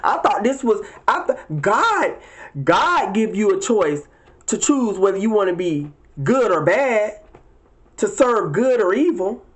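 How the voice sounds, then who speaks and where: Male vlogger, profane and preachy rant, emphatic, with shrill high-pitched outbursts. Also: big pitch swings, slow pace. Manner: leaps into high, shrill exclamations. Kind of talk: casual ranting monologue to viewers.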